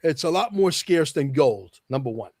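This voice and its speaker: A man's voice: fairly high pitch, expressive, moderate pace, a little mellow, slight background noise. A man as a podcast guest, talking emphatically and repeating key lines for effect. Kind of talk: podcast interview talk.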